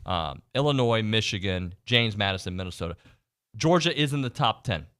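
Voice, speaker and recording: A man hosting a casual sports talk radio show, animatedly reading out team stats and quizzing his co-host. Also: lowish voice. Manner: animated, reads stats off quickly. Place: radio studio.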